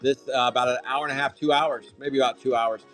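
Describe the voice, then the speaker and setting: A man hosting a live trading card break, calling out pulls with loud, excitable, jokey hype. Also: mid-range voice, quick pace. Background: faint music.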